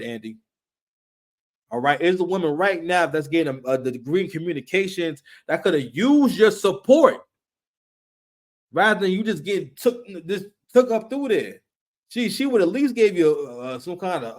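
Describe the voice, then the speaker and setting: A man talking through a reality TV episode in an off-the-cuff, animated way, his voice sitting a touch high. He tosses in slang, stumbles over repeated words and slips into little acted-out bits of dialogue as he goes. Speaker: reality TV commentator. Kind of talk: casual commentary.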